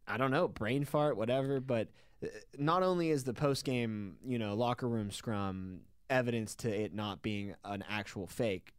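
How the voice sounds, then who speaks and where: A man's voice: on the low side, no echo, studio quality. A man co-hosting a sports talk show, analytically breaking down plays in a casual conversational manner. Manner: analytical, talks through plays at length. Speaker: sports podcast co-host.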